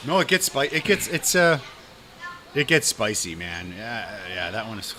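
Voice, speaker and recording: A man hosting a casual podcast in a restaurant, talking in a relaxed, enthusiastic way and often repeating words as he stammers. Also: lowish voice, moderate pace, slight background noise. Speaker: podcast host. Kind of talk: casual chat.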